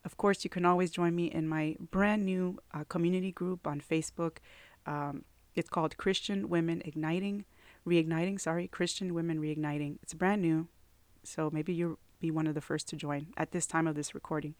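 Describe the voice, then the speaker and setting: A woman's voice: low voice, steady tone, moderate pace, a little mellow, dry recording. A woman hosting a faith podcast, talking earnestly and from the heart to her listeners, with frequent "you know" fillers. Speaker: podcast host.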